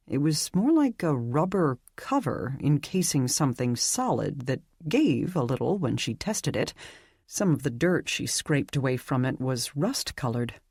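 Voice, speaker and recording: Audiobook narrator, very slow, breathy voice, dry close sound. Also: medium pitch, dry recording. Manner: measured, even storytelling delivery.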